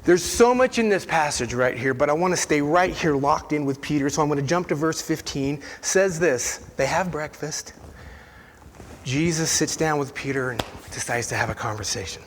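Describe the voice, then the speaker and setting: A man preaching in a church, telling a Bible story with animated energy. He swings from raised, emphatic lines down to near-whispers. His fairly high voice carries a long reverb through the sanctuary. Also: moderate pace, slight background noise. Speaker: pastor. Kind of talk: sermon.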